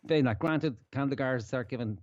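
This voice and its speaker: A man's voice: mid-range voice, moderate pace, a little mellow, dry recording, lo-fi sound. A man hosting a podcast, giving a casual, profane, ranting commentary full of swearing. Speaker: podcast host.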